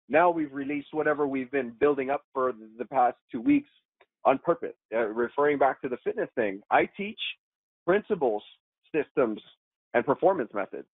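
A man, an actor guest on a podcast, telling a story in an animated, slangy way and calling people "man", "dude" and "bro". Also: mid-range voice, moderate pace, no room sound. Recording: tinny phone-like remote call line, dry.

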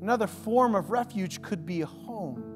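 High-voiced preacher in echoing hall. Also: male voice, lively intonation, moderate pace. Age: adult father of a young son. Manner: conversational preaching, swinging from loud to hushed. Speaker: pastor. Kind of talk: sermon. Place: church sanctuary. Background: soft instrumental music.

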